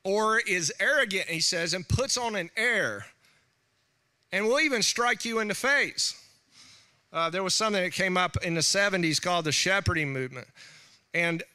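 A middle-aged man preaching a sermon, talking in an animated way with laughing asides and quoted voices. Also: sits high, clear, resonant tone. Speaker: pastor.

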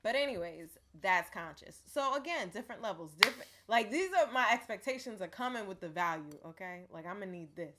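A young woman co-hosting a casual podcast chat, candid and animated, laughing often. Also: mid-range voice, fairly quick, few pauses, a little hiss or hum.

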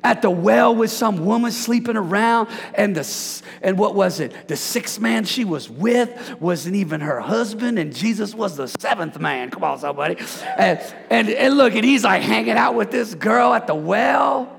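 A man preaching a lively sermon as pastor, joking and calling out to the congregation. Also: high voice, normal speed, creaky, few pauses. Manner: animated, preachy, jokes with congregation. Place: church sanctuary. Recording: hall reverb.

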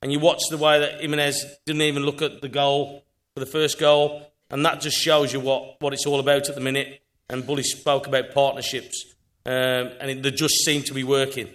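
A man's voice: mid-range voice, little pitch movement, a little fast, a bit bright. A man giving matter-of-fact football analysis on a live panel. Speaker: football pundit.

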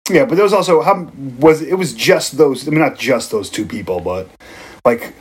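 A man's voice: mid-range voice, animated, normal speed, breathy edge. Laid-back man with dry interjections. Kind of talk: casual chat.

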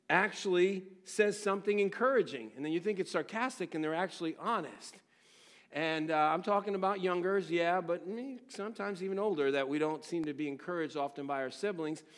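Middle-aged man, pastor, sermon delivery; voice sits a bit high, lively storytelling with loud highs and soft, somber lows. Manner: animated storytelling, swings from excited shouts to quiet, somber tones.

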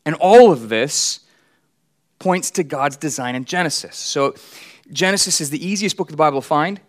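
Middle-aged male pastor, slightly high voice, relaxed storytelling sermon delivery. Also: moderate pace. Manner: conversational storytelling with acted quotes.

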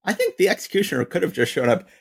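Podcast co-host, man, strongly gravelly and husky voice, easy conversational opinions. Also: sits high, wildly swooping pitch, racing. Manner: chiming in with opinions and agreement. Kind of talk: casual podcast chat.

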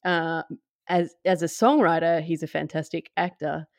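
Wry low-voiced woman co-host. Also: little pitch movement, moderate pace, dry recording. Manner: dry, wry humor, steering the topic. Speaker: podcast co-host. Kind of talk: casual chat.

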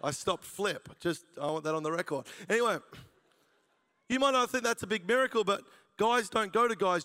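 A man tells his testimony from the pulpit, cracking jokes and laughing at his own lines. His voice sits fairly high, and long reverb trails each phrase through the hall. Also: fairly quick, sharp tone. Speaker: preacher giving his testimony. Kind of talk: sermon testimony.

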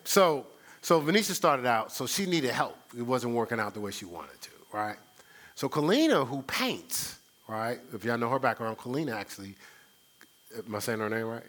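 Middle-aged guy preaching a sermon, bright forceful tone, chatty, jokes with the crowd. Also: mid-range voice. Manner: conversational, teasing the congregation. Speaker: pastor.

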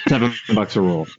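A man's voice: mid-range voice, noisy background. A man co-hosting a casual podcast, cracking jokes and rambling through stories. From Quebec, Canada. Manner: joking, rambling storyteller. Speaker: podcast co-host. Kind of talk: casual chat. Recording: dull lo-fi remote audio.

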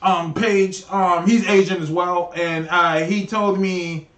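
A man co-hosting a podcast in casual chat, ranting in an animated, profane way with a lot of laughter. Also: high voice, slow pace, roomy sound, recorded from a distance. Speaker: podcast co-host.

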